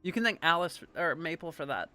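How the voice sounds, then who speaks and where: A woman's voice: sits low, animated, a little fast, bright, forceful tone, faint music behind. A woman streamer in casual live-stream chat, rambling and chatty, swearing now and then.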